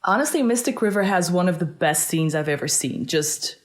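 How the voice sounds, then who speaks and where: A woman's voice: on the low side, lively intonation, moderate pace. A woman chatting casually as a podcast guest, talking freely, with many fillers and frequent laughs. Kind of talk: casual chat.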